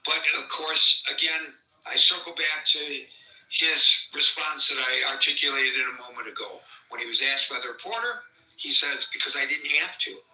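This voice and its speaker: A man's voice: fairly high pitch, normal speed, bright, forceful tone. A man hosting a live political commentary podcast, rambling and sarcastic as he mocks what he hears. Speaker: podcast host. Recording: roomy sound, distant from the mic.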